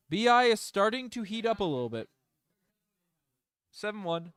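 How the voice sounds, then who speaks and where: A young man doing partisan fan play-by-play for a livestream, rattling off plays and breaking into loud, emotional outbursts. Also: high-pitched, expressive, smooth, dry recording. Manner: partisan, swings between rapid calls and loud outbursts. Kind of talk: excited fan play-by-play commentary.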